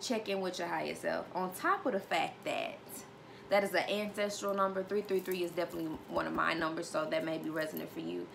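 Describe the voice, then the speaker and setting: Gravelly-voiced sassy woman tarot reader. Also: fairly low pitch, steady tone, fairly quick, noisy background. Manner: emphatic and sassy, calls listeners honey and baby; repeats key phrases for emphasis. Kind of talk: casual spiritual reading.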